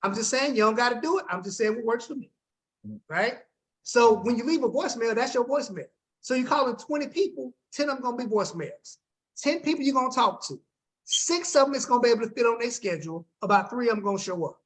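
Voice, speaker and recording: A man's voice: very high voice, expressive, quick pace, a bit bright. A man coaching his team on a group video call, upbeat and slangy, talking straight to the group and checking in with them often.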